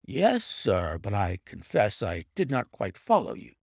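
A man reading an audiobook voices an excitable police inspector in a raised, exclaiming voice. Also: on the low side, measured pace, creaky, dry recording, studio quality, pitched below the performer's own voice, full character voice. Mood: doubtful. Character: excitable middle-aged male police inspector.

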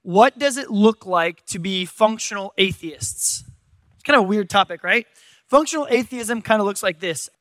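High-voiced joking male preacher. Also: expressive, normal speed, a bit bright, no echo. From San Diego, USA. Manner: joking, self-deprecating storytelling. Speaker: pastor. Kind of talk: sermon. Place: church stage.

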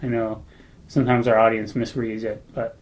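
A man co-hosting a comedy podcast, talking in a deadpan, hesitant, mock-earnest way. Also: lowish voice, normal speed. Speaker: podcast co-host.

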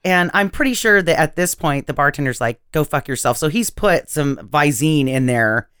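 A woman's voice: low voice, lively intonation, normal speed, fairly bright tone, clean tone, no echo, clean studio sound. A woman joking around casually about a movie with her co-hosts, often laughing. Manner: joking, giggly. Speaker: podcast guest. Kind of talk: casual comedic movie chat.

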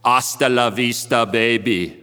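Gruff action-hero impression, mock austrian-german accent, slow clipped lines, long hall reverb, from a pastor. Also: male voice, mid-range voice, fairly even intonation, sharp tone, voice pushed down. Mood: menacing. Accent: Austrian-German put on. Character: gruff male action-movie star impression.

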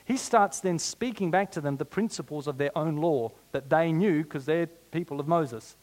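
A man preaching a sermon in an animated way, with humorous asides. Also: on the high side, normal speed, hardly any pauses.

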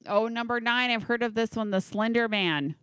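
With a fairly high, slightly bright, clean voice at a moderate pace, a woman hosts a podcast in a dry, clean studio recording. Hiccuping and a bit drunk, she casually runs through a list of creepy legends. She keeps giggling, swearing, and fumbling the names.

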